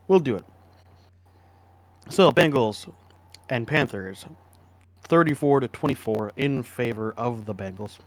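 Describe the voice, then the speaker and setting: A man co-hosting a casual sports podcast, relaxed and agreeable, humming as he thinks aloud. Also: medium pitch, takes it slowly, long pauses. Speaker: podcast co-host.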